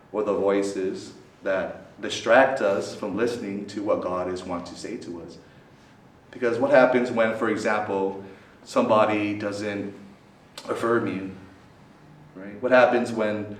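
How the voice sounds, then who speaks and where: In a student center meeting hall, a male priest gives a talk to a student group, constantly asking questions and checking in with "right?" He's animated, with dramatic rises and falls in pitch and loudness. The sound is distant and roomy, with faint background noise.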